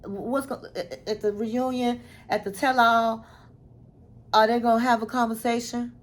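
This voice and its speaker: A woman giving a casual recap of a reality show, retelling scenes in an animated, dramatic way and calling the listener honey. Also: fairly high pitch, moderate pace. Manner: chatty, says "honey" and "girl". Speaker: recap vlogger.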